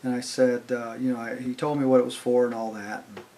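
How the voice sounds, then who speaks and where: A man's voice: medium pitch, level tone, a little fast, warm tone, a little hiss or hum. An older man casually telling a long anecdote in a rambling, conversational way, full of fillers and "I was like". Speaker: channel host telling stories. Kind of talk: casual storytelling.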